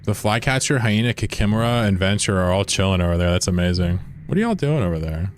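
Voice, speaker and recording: A man with a low voice talks loosely to his stream chat while he plays. He rambles from one thing to the next and swears freely. It sounds like he is at a desk mic in a room at home. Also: animated, fast, a little hiss or hum. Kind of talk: casual live-stream chat while gaming.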